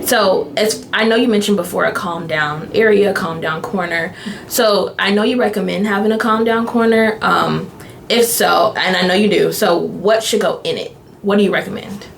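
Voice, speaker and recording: A woman's voice: medium pitch, moderate pace, vocal fry, slight background noise. A woman hosting a child-care podcast, affirming her guest and asking follow-up questions. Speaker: podcast host. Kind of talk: podcast interview.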